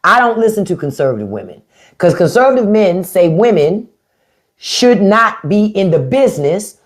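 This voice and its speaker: A woman's voice: medium pitch, big pitch swings, normal speed. A woman hosting a live stream in an unfiltered, profane and sarcastic rant, with features. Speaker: livestream host.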